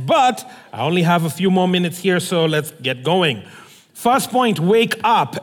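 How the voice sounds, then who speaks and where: A man's voice: high-pitched, long reverb tail. A man preaching a sermon, telling stories with acted-out dialogue. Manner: animated storytelling, acts out dialogue.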